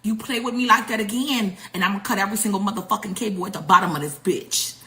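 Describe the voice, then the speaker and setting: A menacing male officer snarls threats of sabotage, as a woman puts him on in a low, cursing voice. The voice is bright and edged rather than heavy. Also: fast, exaggerated voice. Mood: threatening.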